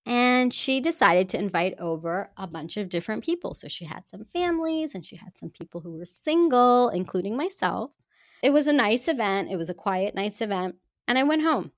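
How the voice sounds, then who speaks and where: A woman at a middle pitch tells a personal story to her listeners. Her delivery is earnest and heartfelt, with expressive rises and drops. The voice sounds dry and close, with no room around it. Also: moderate pace, no room sound. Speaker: speaker addressing women listeners.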